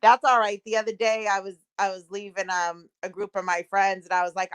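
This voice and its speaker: New woman guest, mid pitch, chatty teasing, dry mic. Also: little pitch movement, fairly quick, hardly any pauses, clean tone, no echo. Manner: chatty, laughs easily, teasing. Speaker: guest on a chat stream. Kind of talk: casual chat.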